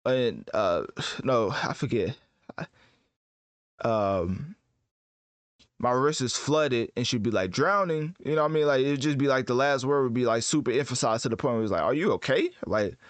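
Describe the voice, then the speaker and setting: A man giving casual commentary as host, rambling and correcting himself in relaxed slang. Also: medium pitch, dry recording. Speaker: host ranking rappers.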